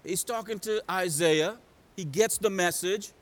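A man preaching a sermon in a dramatic, call-and-response style that swings from loud to hushed. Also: sits high, unhurried.

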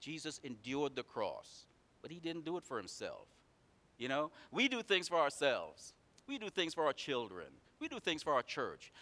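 Guy preaching a sermon, voice on the higher side, real lively, goes loud and punchy then drops way down low. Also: normal speed. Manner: dramatic swings between loud emphatic runs and low quiet asides; repetitive preaching cadence.

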